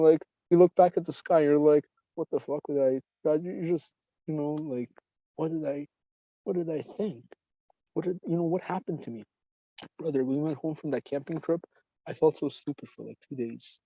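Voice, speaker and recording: Guy rambling thru a story, swears a lot, says brother, real mellow dark voice, kinda high pitched for a dude. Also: dry recording, poor audio. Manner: rambling, profane, calls listener brother. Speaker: podcast host. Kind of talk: casual storytelling.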